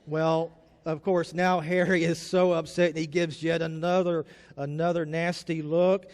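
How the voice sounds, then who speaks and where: A man's voice: on the high side, little pitch movement, measured pace, in a large hall. A male pastor giving a conversational, story-filled sermon in a chapel.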